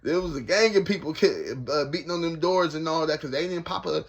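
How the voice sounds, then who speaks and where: A man telling a casual story about his time in prison, slangy and animated, laughing often. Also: fairly high pitch, brisk, vocal fry, slightly rough.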